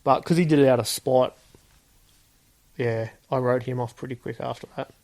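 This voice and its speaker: This Australian man from Sydney, once a police officer, tells relaxed stories as a guest on a podcast, performing the quoted dialogue himself. He speaks at a normal speed in a medium-pitched, slightly mellow voice with fairly even intonation.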